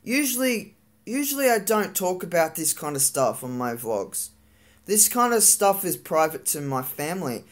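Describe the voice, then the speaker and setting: A vlogger venting in a live-streamed rant, frustrated and swearing, with lots of halting fillers and restarts. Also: medium pitch, animated.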